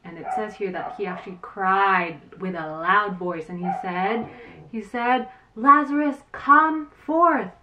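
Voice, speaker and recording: A woman teaching Sunday school to children, retelling a Bible story in an animated way and acting out the quotes, with some fillers. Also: lowish voice, a little slow, distant mic, lo-fi sound, slight background noise.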